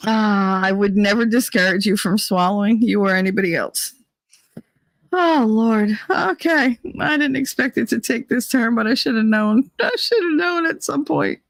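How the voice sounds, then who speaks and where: A woman hosting a casual live chat, reading viewer comments aloud and laughing often as she tells animated stories. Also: on the high side, normal speed, dry recording. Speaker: host.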